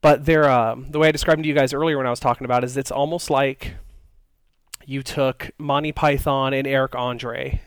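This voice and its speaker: Smooth-voiced man in casual chat. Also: mid-range voice, fairly even intonation, fairly quick, no room sound. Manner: rambling, many fillers and restarts. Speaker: podcast co-host.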